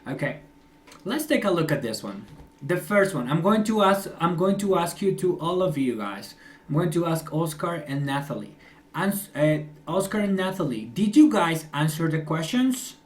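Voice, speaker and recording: Young male English teacher, encouraging and chatty, slightly raised pitch. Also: big pitch swings, moderate pace. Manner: encouraging, chatty, laughs often. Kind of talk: online class feedback.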